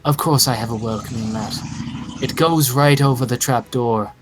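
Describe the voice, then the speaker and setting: A man's voice: medium pitch, moderate pace, background noise, close to an everyday voice. A man voicing a smug, sly male trickster who sounds mockingly welcoming.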